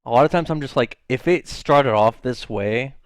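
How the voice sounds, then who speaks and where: A man's voice: medium pitch, moderate pace, no echo. A young man co-hosting a comedy podcast, answering in a blunt, incredulous way. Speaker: podcast co-host. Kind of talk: casual comedy chat.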